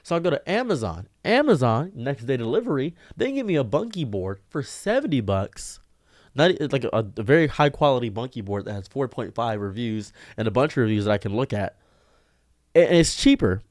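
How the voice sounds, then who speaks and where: A man telling a diary-style story to camera in an exasperated, ranting way, his voice jumping up sharply in pitch. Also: big pitch swings, a little fast, darkish tone, no room sound, clean studio sound. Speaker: streamer and video diarist.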